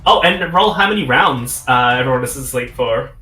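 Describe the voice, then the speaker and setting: A man narrating a tabletop game as game master, animated and giggly, with many fillers. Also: mid-range voice, normal speed. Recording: roomy echo with faint music.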